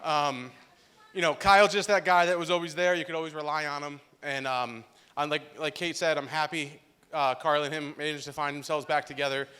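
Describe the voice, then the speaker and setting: Holding a handheld mic at a wedding reception, a young groomsman delivers a loud toast full of jokes and emotional stories. His fairly high voice is clear and resonant, fairly quick, with fairly even intonation.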